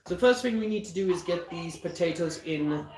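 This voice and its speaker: South African guy, cooking stream host, jokey and chatty, echoey kitchen with clear background noise. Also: sits high, lively intonation, normal speed, darkish tone. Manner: chatty, jokey, talks viewers through steps. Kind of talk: casual cooking livestream. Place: home kitchen.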